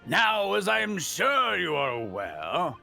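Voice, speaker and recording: A man voicing a pompous old courtroom judge with a stately, drawn-out delivery, in a fan dub of a game. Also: sits high, wildly swooping pitch, gravelly, bright, forceful tone, faint music behind, heavily acted.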